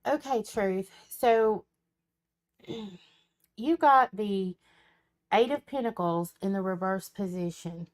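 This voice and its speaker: A woman's voice: mid-range voice, slow pace, pauses often. A woman, a tarot reader chatting casually on a live stream, her voice cracking in and out. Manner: chatty, reads viewer comments aloud, folksy.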